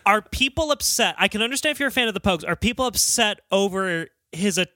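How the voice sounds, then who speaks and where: A man's voice: high voice, animated, fast, pushed and bright, dry recording, clean studio sound. A man co-hosting a podcast in casual chat, often hesitant and restarting, with an amused tone. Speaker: podcast co-host.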